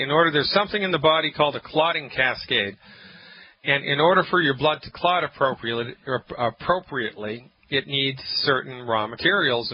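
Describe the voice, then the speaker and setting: A man hosting a call-in health radio show as a naturopath, emphatic and jokey, on a dull lo-fi broadcast. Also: medium pitch. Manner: emphatic, jokey, rants with mock-angry acted quotes.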